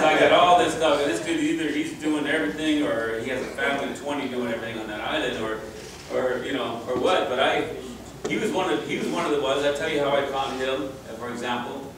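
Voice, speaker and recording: A middle-aged man casually telling rambling, chuckling stories with many restarts, speaking to a crowd at a reunion. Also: medium pitch. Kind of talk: casual storytelling speech to a crowd. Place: reunion gathering in a room. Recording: very echoey, distant, noisy room.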